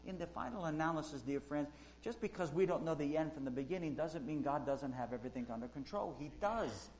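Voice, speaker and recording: A man preaching a sermon, fervent and rising loud when he quotes, with frequent fillers. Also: on the high side, fast talker, a little hiss or hum, rough recording.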